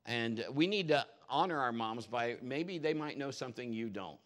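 A middle-aged man preaching a humorous sermon in a church, animated and jokey, laughing often and swinging between loud and soft. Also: medium pitch, normal speed. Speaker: pastor.

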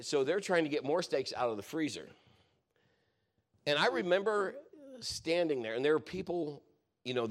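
A man preaching, telling a personal story in a rambling, conversational way, often correcting himself. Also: medium pitch. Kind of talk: sermon testimony storytelling.

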